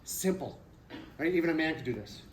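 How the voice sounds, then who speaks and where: A man's voice: on the high side, expressive, fairly quick. A man leading a stress-relief exercise for a live audience, coaching them and asking questions. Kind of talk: live workshop talk to an audience. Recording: roomy hall, voice from off-mic with faint noise.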